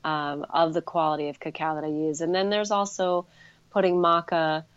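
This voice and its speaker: A woman's voice: sits low, flat delivery, moderate pace, clean tone, no room sound, dull audio. A woman with a New York accent, a guest on a casual podcast, talking earnestly and with enthusiasm over a remote call. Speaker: guest, chocolate maker.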